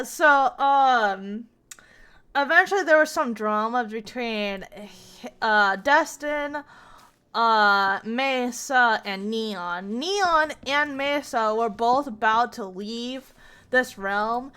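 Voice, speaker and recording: A woman's voice: on the high side, takes it slowly, sharp tone, smooth. A young woman streamer telling a rambling story to friends while she games, often stopping to search for names. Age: young adult. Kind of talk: casual storytelling while gaming.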